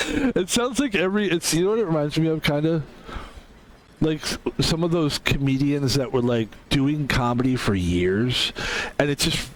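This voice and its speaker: A male streamer talking off the cuff during a game. His voice sits a bit high and swings widely up and down, and he rambles from thought to thought with a self-mocking, foul-mouthed streak. The talk is loose and unscripted. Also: animated, normal speed, slight background noise. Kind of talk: casual chat while gaming on stream.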